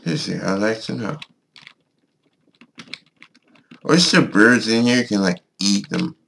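A man giving casual let's-play commentary on his own game, excitable, swearing and yelling at the creatures on screen. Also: lowish voice, measured pace, vocal fry. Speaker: gaming video host.

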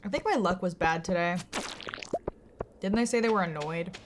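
A woman's voice: on the low side, normal speed, noisy background. A woman chatting casually and giggling as she talks to viewers while playing a game on a live stream. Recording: game music playing behind the voice.

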